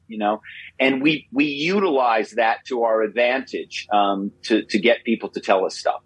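A man in his fifties, a guest in an interview, telling stories in an animated way, often repeating himself and adding tag questions. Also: mid-range voice, moderate pace, breathy edge, no room sound, low-quality recording. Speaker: guest, former corporate spy. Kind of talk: interview storytelling.

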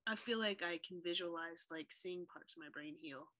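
A woman co-hosts a podcast in a relaxed conversation, speaking at normal speed in a lowish voice with a sharp tone. She talks freely, laughs often, and fills her speech with lots of fillers.

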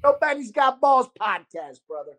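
A man with a New York accent hosting a casual podcast, talking in an animated, gruff way and calling people dude and brother. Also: very high-pitched, moderate pace. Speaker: podcast host and restaurant owner.

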